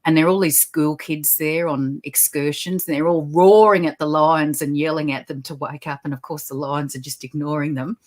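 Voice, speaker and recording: Woman with a low voice, upbeat and chatty, telling animal stories on a podcast call. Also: fairly even intonation, normal speed, hardly any pauses. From Australia. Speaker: guest, animal communicator. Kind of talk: podcast interview. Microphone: video call.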